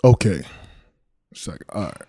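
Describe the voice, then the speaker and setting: A man's voice: a little slow, mellow, big-room sound. A man talking loosely as a podcast guest, restarting sentences and circling back to the same point. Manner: loose, repeats himself, restarts often. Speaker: guest, NBA champion. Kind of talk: casual interview chat.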